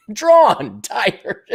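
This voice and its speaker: A man's voice: sits high, wildly swooping pitch, drawn-out words, vocal fry, fairly bright tone, husky. A man hosting his podcast alone, rambling and musing aloud in a sardonic way, slipping into little voices for his own thoughts. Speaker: podcast host. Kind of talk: rambling solo monologue.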